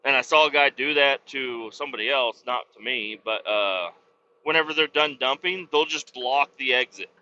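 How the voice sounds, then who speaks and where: Profane rambling trucker man, sharp voice. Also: mid-range voice, moderate pace, a little hiss or hum. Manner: profane, self-mocking storytelling. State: slightly wheezy. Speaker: truck driver and podcast host. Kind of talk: casual rambling monologue. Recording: slightly dull lo-fi sound.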